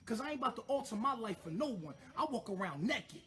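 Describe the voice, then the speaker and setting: A man's voice: very high-pitched, big pitch swings, quick pace, bright, forceful tone. A man speaking in a brash, profane, slang-heavy casual monologue, played as a clip. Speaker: self-styled spiritual leader.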